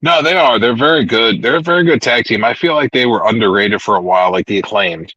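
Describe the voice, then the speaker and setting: A man's voice: mid-range voice, quick pace, pushed and bright, breathy edge, dry recording. A man hosting a casual wrestling talk podcast, rambling and retelling events with restarts. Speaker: podcast host. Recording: dull lo-fi recording, dry.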